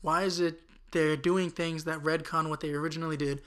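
Young male podcast co-host, bright tone, profane rant. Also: fairly high pitch, little pitch movement, brisk, clear, resonant tone. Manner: profane, ranting. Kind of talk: casual podcast chat. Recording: audio-only podcast.

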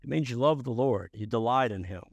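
A man preaching a sermon as pastor, emphatic and rising to loud bursts. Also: mid-range voice, animated, a little fast, gravelly, no room sound, muffled recording.

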